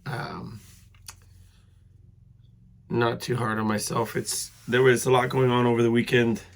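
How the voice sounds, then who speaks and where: A middle-aged man hosting a casual solo podcast while sick and congested, rambling with many fillers and clearing his throat. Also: mid-range voice, little pitch movement, a little slow. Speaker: podcast host.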